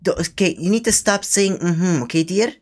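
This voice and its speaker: A man's voice: high-pitched, normal speed, lightly acted. A man voicing a fussy, scolding old grandmother on a prank phone call, who ends nearly every line with "dear" and rambles. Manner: says dear constantly, scolding, meandering. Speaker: scambaiter.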